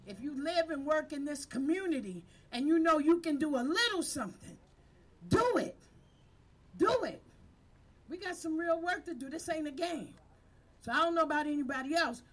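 A community violence-prevention leader, a fired-up woman with a high-pitched voice, preaches to her team in an impassioned speech. She's fiery and uses call-and-response, speaking into a handheld microphone.

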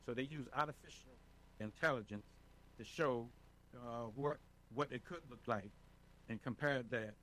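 A man being interviewed as a residents' advocate, talking in an animated, emphatic way and often checking in with the listener. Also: mid-range voice, normal speed, slight background noise, rough recording. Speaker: senior residents' advocate, guest. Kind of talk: casual interview talk.

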